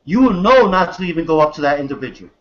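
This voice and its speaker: A man's voice: expressive, fast talker, dull audio. Hyped man hosting a web call. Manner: hyped, repeats "guys", pitches a sign-up. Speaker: host. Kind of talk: motivational webinar hosting. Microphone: video call.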